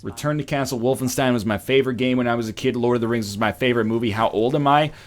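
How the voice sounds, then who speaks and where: A man's voice: mid-range voice, rapid-fire. A man riffing and joking sarcastically in casual stream chat. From Canada.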